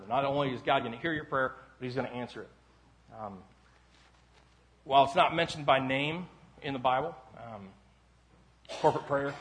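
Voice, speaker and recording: A male pastor with a mid-range voice delivers a casual, conversational sermon in a church sanctuary. His rambling, self-deprecating stories break into loud shouts.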